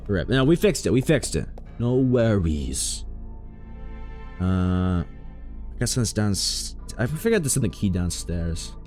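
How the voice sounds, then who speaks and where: A man casually commenting while streaming a game, joking with chat and shooting up into high exclamations. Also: sing-song, slow, darkish tone, faint music behind.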